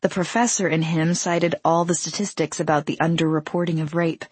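Husky lady reading an audiobook, low-ish voice, takes her time, dry close mic. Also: steady tone, darkish tone, no echo. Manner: measured, unhurried storytelling. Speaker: audiobook narrator. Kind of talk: first-person audiobook narration.

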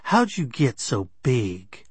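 A man voicing a flirtatious, tipsy woman at a bar, speaking in a slow teasing drawl. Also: mid-range voice, wildly swooping pitch, husky, dry recording, full character voice. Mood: flirty.

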